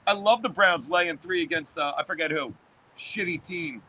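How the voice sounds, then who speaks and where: A man's voice: fairly high pitch, normal speed, pushed and bright, a little hiss or hum. A man in his fifties hosting a casual livestream, reading chat and ranting about football in a profane, rambling way. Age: 50s. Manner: profane, rambling sports rant.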